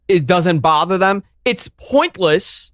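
A man's voice: high voice, slow pace, no echo, studio quality. A man with a New York accent ranting and swearing in a casual podcast chat. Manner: profane, ranting, animated. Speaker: podcast co-host.

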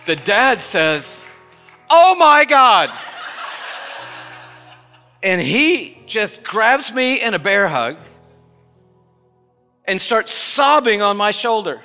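A man preaches in a large church, his high, bright voice ringing through the long reverb of the hall. He tells a story quietly, then builds to loud, impassioned declarations. Soft music plays underneath. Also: big pitch swings, slow pace. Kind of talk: sermon storytelling.

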